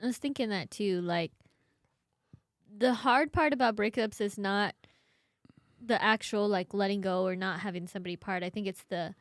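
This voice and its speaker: A young woman co-hosting a casual podcast, lively, laughing, and saying "like" a lot. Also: mid-range voice, normal speed, no room sound, clean studio sound. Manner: lively, laughs, uses "like" often. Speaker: podcast co-host. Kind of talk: casual chat.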